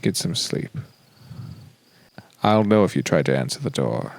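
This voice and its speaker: Man voicing a hushed, guarded male fox. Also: animated, a little slow, creaky, no room sound, exaggerated voice. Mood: calm warning. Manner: low, hushed warnings. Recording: music playing behind.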